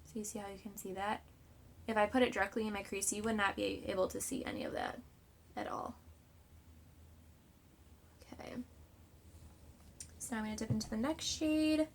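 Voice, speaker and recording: A woman with a congested, runny nose, chattering her way through a makeup tutorial with lots of "like" and quick apologies. She is filming at home on her phone in front of a mirror. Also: mid-range voice, gravelly. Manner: chatty, apologetic, filler-heavy with "like". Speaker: beauty vlogger. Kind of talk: casual makeup tutorial chat. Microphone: phone camera. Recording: home phone video with heater noise. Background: central heating hum.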